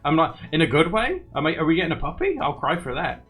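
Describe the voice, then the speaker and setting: Animated man chatting on stream. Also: fairly high pitch, quick pace. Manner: animated and chatty, laughs often. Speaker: livestream host. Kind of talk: casual livestream chat reading viewer comments. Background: faint background music.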